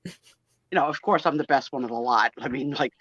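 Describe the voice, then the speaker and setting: A woman's voice: rumbling low, a little fast, slightly rough, dry recording. A middle-aged woman, telling stories in a casual chat on a video call. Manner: chatty, storytelling, animated. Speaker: guest on a live sale chat. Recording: dry, dull lo-fi call audio.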